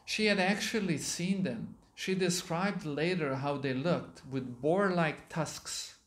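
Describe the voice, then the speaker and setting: A man, a monk giving a sermon, reading a story aloud and pausing to explain words to his listeners, in a temple hall. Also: a little high. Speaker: monk lecturer.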